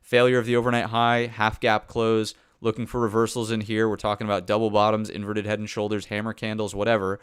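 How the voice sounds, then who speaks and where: Talking through charts on a live pre-market trading stream, this male host keeps it conversational, thinking aloud with fillers and often asking "right?". He speaks on the low side, monotone and brisk, barely pausing, and the studio recording is clean with no room sound.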